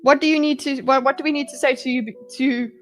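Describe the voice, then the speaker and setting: A woman's voice: sits high, fairly even intonation, quick pace, faint music behind, rough recording. A woman hosting a livestream, giving rambling, sarcastic reaction commentary and chatting with viewers. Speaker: livestream host.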